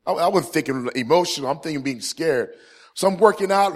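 A man in his forties gives a humorous testimony from his ministry to a live crowd. His voice sits a touch higher than most men's. He is an animated storyteller who gets loud on the jokes and drops low and earnest for the serious moments. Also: fast talker. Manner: animated storyteller, swings from loud punchlines to quiet earnest points. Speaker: Christian ministry speaker.

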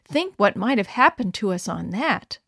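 A woman's voice: medium pitch, very animated, normal speed, gravelly, fairly bright tone, no echo, studio quality, full character voice. A woman reading aloud, voicing a frank, plucky young girl. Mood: worried.

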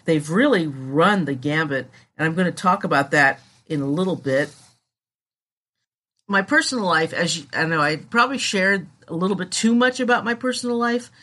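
A woman's voice: low-pitched, a bit bright. A woman hosting her own podcast, talking candidly and in a rambling way about her show. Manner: candid, rambling, self-deprecating. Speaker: podcast host. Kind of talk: casual solo podcast talk.

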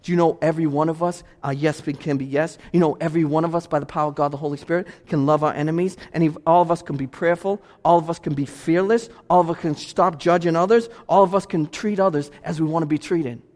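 A man preaching as pastor in a church, pressing his points with emphatic repetition. His voice sits high for a man. Long reverb rings off the sanctuary walls. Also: steady tone, quick pace, hardly any pauses, darkish tone. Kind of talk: sermon.

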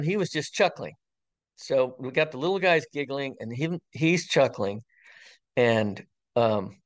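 Older man telling a story haltingly. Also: mid-range voice, creaky. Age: 60s. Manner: halting, with frequent ums and pauses; earnest and wondering. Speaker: interview guest, retired fire captain. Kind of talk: personal storytelling in conversation.

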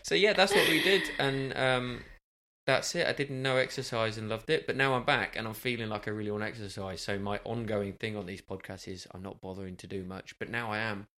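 A man's voice: lowish voice, a little fast, sharp tone. Teasing man, podcast host. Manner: teasing, jokey, rambling with fillers. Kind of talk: casual podcast chat.

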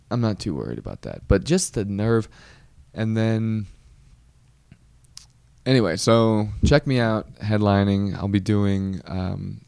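A man's voice: on the low side, darkish tone, no room sound. A comedian hosting his podcast, telling a story in a wry, rambling way and often breaking off mid-sentence. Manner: rambling, self-interrupting, wry. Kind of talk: casual storytelling monologue.

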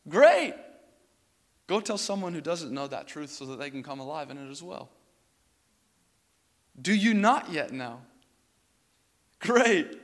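A man's voice: on the high side, a bit bright. A man preaching an earnest sermon as pastor, repeating phrases and building to emphatic peaks before closing in prayer. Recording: long reverb of a church hall.

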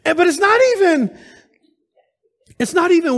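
A man preaching a lively sermon at a church service, calling out to the congregation with rhetorical questions. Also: extremely high pitch, moderate pace.

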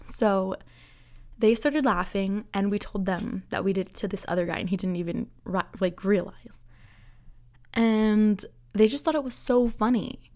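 A woman's voice: mid-range voice, measured pace, darkish tone. Chatty young woman hosting a podcast. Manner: chatty, rambling, laughs often, many fillers. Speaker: podcast host. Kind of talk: casual solo podcast chat.

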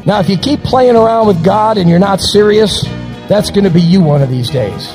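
High-voiced preacher in a reverberant church. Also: male voice, animated, music in the background. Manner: dramatic preaching, slows for quotations. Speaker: pastor. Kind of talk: recorded sermon on radio.

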